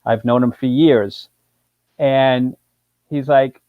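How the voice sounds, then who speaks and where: A man's voice: mid-range voice, a little slow, no echo. A male attorney, telling a story on a live show and acting out both sides of a phone call. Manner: animated storyteller, acts out phone calls.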